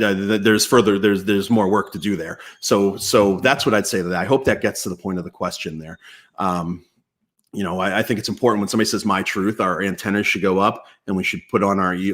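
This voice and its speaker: Chatty low-voiced man hosting a live Q&A. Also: fairly quick. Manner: chatty, relaxed, many fillers and restarts. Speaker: host of live Q&A stream. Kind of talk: casual live-stream Q&A. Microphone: external mic at home computer.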